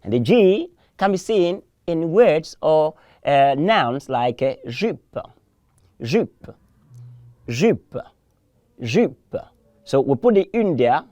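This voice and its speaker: A man teaches French on television at a slow, deliberate pace, his pitch jumping up and down as he drills each word. He repeats terms several times and asks learners to answer back. The sound is close and dry. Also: lively intonation, a little mellow, no room sound. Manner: drills words by repetition, call and response. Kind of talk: televised language lesson.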